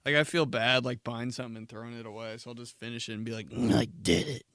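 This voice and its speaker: A man's voice: mid-range voice, level tone, racing, pushed and bright, no echo, clean studio sound. Profane young man ranting on his podcast. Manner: rambling, profane, laughs at himself, acts out dramatic reactions. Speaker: podcast host. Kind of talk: solo comedic podcast rant.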